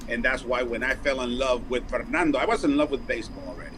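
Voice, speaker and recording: A man's voice: medium pitch, very noisy. A man, chatting as an interview guest and acting out quotes in his stories. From Mexico. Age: 40s. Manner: animated storyteller, quick restarts, acts out quotes. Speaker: guest, baseball broadcaster. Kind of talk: casual interview chat.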